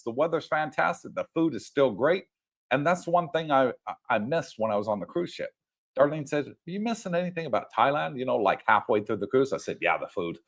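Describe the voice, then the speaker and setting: An older man co-hosting a livestream, chatting casually with fillers and frequent laughs. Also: medium pitch. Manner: laughs often, rambling with fillers. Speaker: livestream co-host. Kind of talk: casual chat. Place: home livestream.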